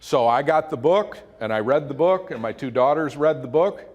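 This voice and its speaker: A middle-aged man, giving a motivational talk and telling a folksy story that quotes his children in animated voices. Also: a little high, normal speed. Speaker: motivational speaker.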